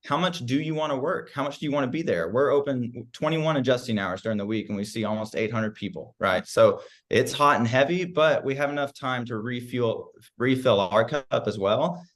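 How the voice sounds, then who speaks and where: A man's voice: medium pitch, a little fast, hardly any pauses. A man guesting on a podcast, talking upbeat and casually about running his practice, with lots of "like" fillers. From United States. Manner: upbeat, filler-heavy with frequent "like". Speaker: chiropractor guest.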